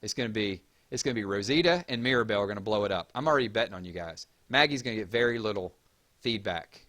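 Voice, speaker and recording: Male livestream host, Southern drawl, a bit low-pitched, casual and talkative with chat. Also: animated, fast. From Georgia, US. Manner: chatty, reads chat aloud and gives shout-outs.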